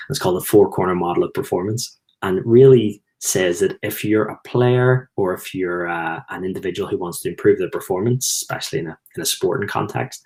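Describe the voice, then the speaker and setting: A man's voice: deep voice, vocal fry. A middle-aged man with a Belfast accent, telling rambling anecdotes in a casual talk to camera. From Belfast, Northern Ireland. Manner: rambling, anecdotal, chuckles at own stories. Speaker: host, former footballer.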